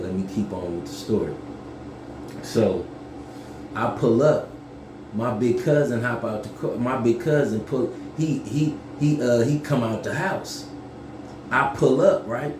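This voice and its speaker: A man telling a story casually to camera, profane and animated, yelling when he acts things out. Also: medium pitch, roomy sound, a little hiss or hum.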